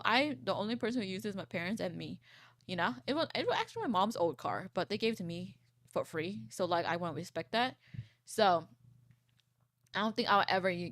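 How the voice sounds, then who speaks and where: A woman in her twenties, a VTuber, chatting casually and reading posts aloud on stream, rambling and swearing, with a froggy, croaky low voice. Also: fairly bright tone, no room sound, studio quality. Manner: rambling, swears, laughs often.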